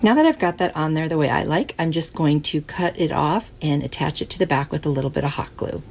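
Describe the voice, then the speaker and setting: Low gravelly-voiced woman crafting host. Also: animated, fairly quick. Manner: chatty step-by-step explaining. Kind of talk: casual DIY tutorial voice-over. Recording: soft music behind.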